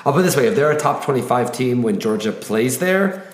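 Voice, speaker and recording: A man breaks down college football in casual sports talk, his pitch swinging up and down as he works through a point. He leans on "like" and restarts his sentences often. The room has a roomy echo. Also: a little fast. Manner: animated, lots of "like" and restarts. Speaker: podcast co-host.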